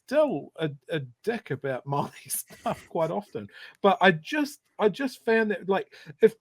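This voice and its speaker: A man from South Canterbury with a New Zealand accent, co-hosting a podcast and telling stories in a conversational, animated way. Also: sits high, a little slow, no room sound. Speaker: podcast co-host. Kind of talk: casual chat.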